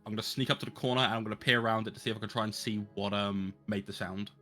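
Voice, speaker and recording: A man's voice: lowish voice, fairly even intonation, rapid-fire, sharp tone, soft background music. A man playing in a tabletop game, chatting casually with hesitant fillers. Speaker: player.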